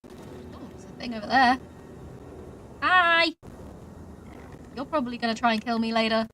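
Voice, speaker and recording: A woman's voice: on the high side, level tone, fast talker, a little hiss or hum. A woman streaming a video game, chatting casually, swearing and laughing at herself. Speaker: VTuber streamer. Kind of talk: casual gameplay commentary. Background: game music.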